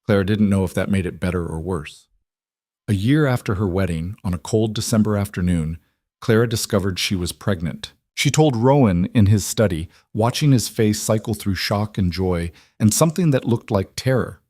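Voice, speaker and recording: Male narrator, scripted story; measured, low, dry. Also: lively intonation, darkish tone, dry recording.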